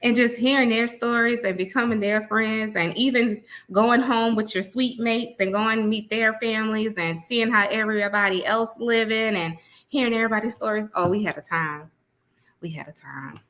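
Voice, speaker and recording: A woman, a guest sharing animated stories in casual interview chat. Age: 30s. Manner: animated storyteller, quick bursts with laughter, drops to a low murmur. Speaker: guest, university alumna.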